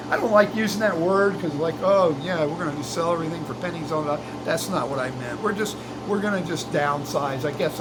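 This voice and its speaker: A man's voice: a little high, background noise. An older retired man talking casually about his plans, folksy and meandering, with lots of fillers and restarts, next to an old truck in his workshop. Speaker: retired vlogger. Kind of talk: casual rambling chat.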